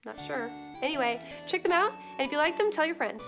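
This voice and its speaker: High-voiced quirky woman vlog host. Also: very animated, fast talker, over music. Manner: quirky, playful, jokey asides. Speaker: web show host. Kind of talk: upbeat scripted vlog.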